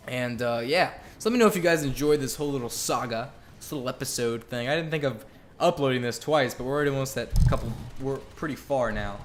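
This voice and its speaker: A man's voice: medium pitch, slight background noise. A young man telling a story in a casual vlog, candid and rambling, with lots of swearing and filler words. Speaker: vlogger.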